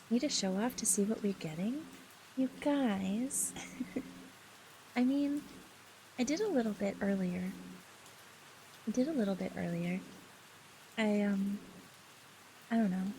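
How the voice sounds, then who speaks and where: A giggly, teasing woman talks casually with her livestream chat, playing up flirty, mock-possessive banter. Her voice sits in a middling range with a gravelly fry running through it. A steady hiss of background noise sits under the recording. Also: mid-range voice, takes it slowly, long pauses, poor audio. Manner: giggly and teasing, laughs often.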